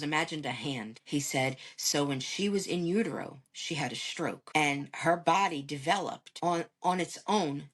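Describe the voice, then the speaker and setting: A woman's voice: low-pitched, breathy edge. A woman, a podcast guest, casually telling a family story and acting out the dialogue as she goes. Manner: animated retelling that acts out quoted dialogue. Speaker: podcast guest, caregiver sister.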